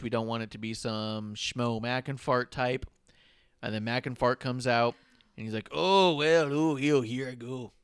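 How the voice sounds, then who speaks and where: A man's voice: medium pitch, clear, resonant tone, no echo. A man co-hosting a casual wrestling podcast, acting out wrestlers' lines in exaggerated voices. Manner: animated, acts out quotes in exaggerated voices. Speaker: podcast co-host. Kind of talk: casual chat recapping wrestling.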